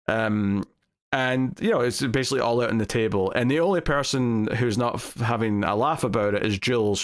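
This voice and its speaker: A man giving a casual spoken review of a TV episode. He rambles, with many fillers and restarts. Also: on the low side.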